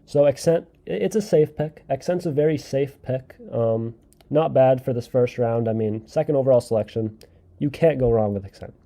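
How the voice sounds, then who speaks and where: A man's voice: medium pitch, normal speed, gravelly, mellow. A man hosting a casual solo podcast, rambling through his opinions and often repeating and correcting himself. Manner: thinks aloud and hedges his takes. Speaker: podcast host reviewing a game league draft.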